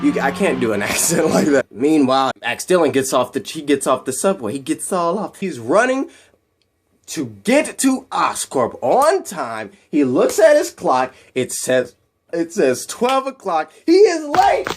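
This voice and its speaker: A man hosting his channel, excitedly retelling an action story in long, rambling run-on sentences. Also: fairly high pitch, a little slow, husky. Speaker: channel host. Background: music.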